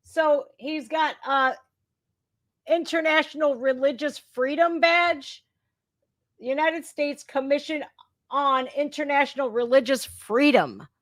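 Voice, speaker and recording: Brief: woman reaction host, slightly high voice, indignant and conversational, dry close sound. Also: takes it slowly, no room sound. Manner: indignant, conversational, addresses viewers directly. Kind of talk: impromptu live stream commentary.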